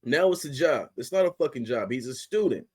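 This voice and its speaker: A young man rants as a sports podcast host, cussing freely and pushing his voice up when he gets worked up. His pitch sits in an ordinary middle range, and his delivery is blunt and heated throughout. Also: expressive, brisk, husky. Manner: heated, blunt, heavy swearing, rising to outbursts. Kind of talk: profane ranting commentary.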